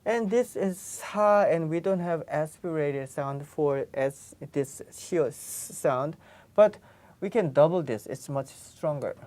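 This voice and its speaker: Slow, low-voiced woman teaching pronunciation. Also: lively intonation, warm tone. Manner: slow, patient, repeats sounds many times for learners. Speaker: Korean language teacher. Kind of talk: pronunciation lesson.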